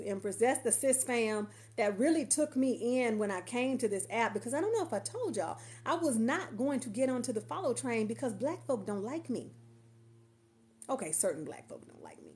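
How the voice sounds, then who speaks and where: A woman's voice: mid-range voice, expressive, moderate pace, darkish tone. A woman coach chatting casually to viewers on a livestream from her couch, affectionate and rambling, often repeating herself. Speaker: coach and marketer. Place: at home on a couch.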